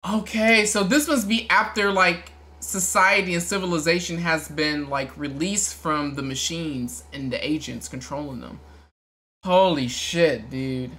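A host reacting to a movie trailer, shouting and crying out in excitement and talking in casual slang. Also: male voice, a little high.

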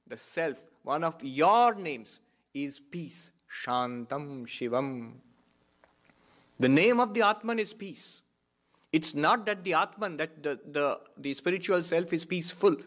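A monk giving a reflective spiritual talk, repeating key phrases for emphasis. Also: male voice, fairly high pitch, fairly bright tone. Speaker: monk and Vedanta teacher.

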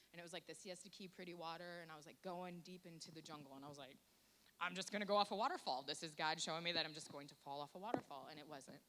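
Woman, low voice, rapid speech, candid joking church testimony, faint hiss. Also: fairly bright tone. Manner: candid, self-deprecating and joking. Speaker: church volunteer giving a testimony. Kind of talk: personal testimony to a congregation.

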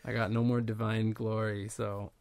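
A man playing a tabletop game, casual and excitable with jokes. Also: lowish voice, normal speed, a little hiss or hum. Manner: excitable, jokey. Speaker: player.

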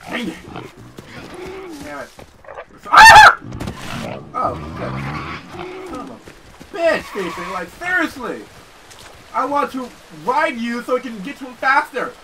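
A man giving excitable let's-play commentary, often yelling and cursing at the game he is playing. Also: high voice, distant mic, slight background noise. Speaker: gaming channel host. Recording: voice a bit off-mic over game music.

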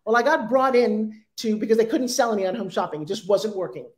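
A woman in her sixties speaking as an interview guest, animated and acting out sales pitches in quoted voices. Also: fast. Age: 60s. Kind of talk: energetic interview talk.

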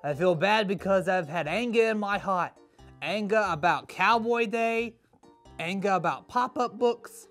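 A performer voicing a sarcastic, easily annoyed kid character in a kids' church skit, grumbling in a dry, deadpan way, with faint music behind. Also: medium pitch, close to an everyday voice. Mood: sheepish.

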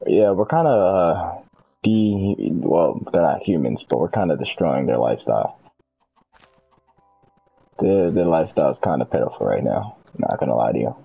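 A man's voice: a bass voice, lively intonation, normal speed, gravelly, husky, dull audio. A man hosting a gaming video, chatting casually and rambling through self-corrections while he plays. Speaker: gaming channel host. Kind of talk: casual gameplay chat.

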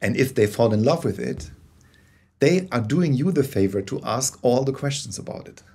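A man, a guest on an interview podcast, explaining ideas in a lively, conversational way over a call, with many restarts. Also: medium pitch, moderate pace, slightly rough. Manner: many restarts, animated bursts, laughs. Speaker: guest, corporate storyteller.

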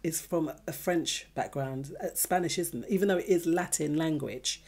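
A woman co-hosting a casual chat show, feeling a bit unwell, chatty and quick to laugh. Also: low-pitched, darkish tone, husky. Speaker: podcast co-host.

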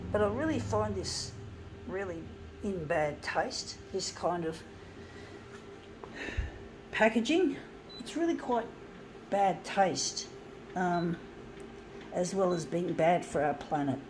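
A woman's voice: fairly low pitch, noisy background. A woman ranting angrily and swearing while working on a craft project, indignant and blunt. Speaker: craft vlogger.

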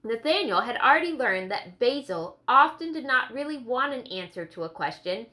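A woman reads a historical novel aloud as an audiobook narrator. Her voice is bright and sits a little high, and she keeps a clear, steady storytelling pace. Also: moderate pace.

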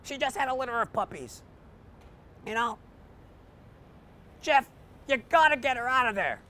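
A man voicing a pushy, wheedling male talking dog in a stand-up bit, in a raised, lively voice. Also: extremely high pitch, moderate pace, pitched above the performer's own voice, heavily acted. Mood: pleading.

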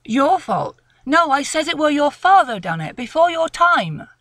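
Lady doing grumpy old village woodman, country talk, a bit lower than her own voice, lively. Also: measured pace, no room sound, full character voice. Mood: grumbling. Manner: country dialect speech, grumbling. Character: old rural male woodman, near eighty, gruff and proud.

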